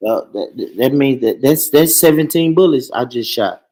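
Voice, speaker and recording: A man's voice: mid-range voice, lively intonation, moderate pace, dark tone, low-quality recording. A man hosting a podcast in casual chat, loose and joking, swearing and laughing often.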